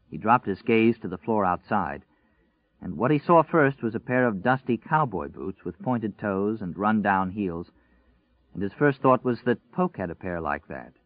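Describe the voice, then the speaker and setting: Low-voiced man narrating a tense story. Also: no echo. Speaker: audiobook narrator. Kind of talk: dramatic scripted narration. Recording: tinny, phone-like and dry.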